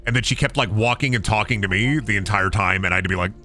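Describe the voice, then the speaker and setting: A man's voice: on the low side, quick pace, faint music behind. A young man streaming a game, who rambles through stories in casual chat and mimics what others said. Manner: rambling, animated storytelling with mimicked quotes. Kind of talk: casual chat while gaming.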